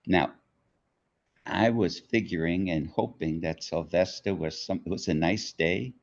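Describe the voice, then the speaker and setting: Slow, deep-voiced older New man. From New York. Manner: unhurried storyteller, acts out quotes. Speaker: author being interviewed. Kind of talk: storytelling interview. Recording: dull lo-fi audio.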